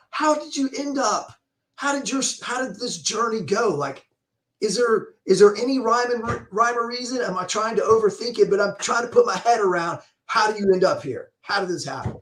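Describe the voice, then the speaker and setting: A man's voice: sits high, a bit bright. A man hosting a podcast who rambles through his questions, searching for the right words. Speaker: podcast host. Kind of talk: casual interview questions. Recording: roomy echoey sound.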